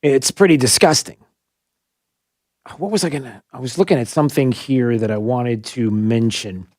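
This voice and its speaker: A man's voice: mid-range voice, moderate pace, a little mellow, no echo, studio quality. Indignant male talk radio host. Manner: agitated, indignant, rhetorical questions, many fillers. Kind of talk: political call-in radio.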